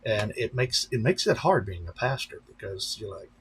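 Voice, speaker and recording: A man's voice: on the low side, big pitch swings, normal speed, a little hiss or hum. A man, a pastor, chatting casually on a live stream, rambling and talking straight to his viewers. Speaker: pastor and drone-racing streamer.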